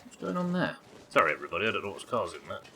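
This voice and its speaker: A man's voice: low-pitched, wildly swooping pitch, very fast, bright, forceful tone, a little hiss or hum. A British man giving live commentary while streaming a game, swearing often, muttering to himself and chatting with his viewers. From Britain.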